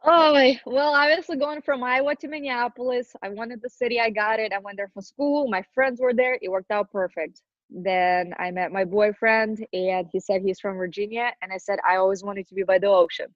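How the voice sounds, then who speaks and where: A young woman guest telling her story in a chatty, animated way, quoting herself. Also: a little high, moderate pace, no room sound. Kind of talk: casual interview storytelling. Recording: dull dry lo-fi sound.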